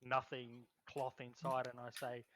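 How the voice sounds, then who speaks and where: A man's voice: medium pitch, monotone, measured pace, a bit bright. A man playing in a tabletop role-play game, speaking in a cocky, joking and brash way. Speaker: player.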